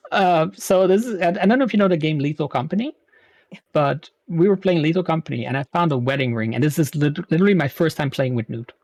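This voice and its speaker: Laughing animated man in his thirties. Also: fairly high pitch, no echo. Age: 30s. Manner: animated storytelling, quick laughs. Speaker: guest streamer. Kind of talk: casual interview chat.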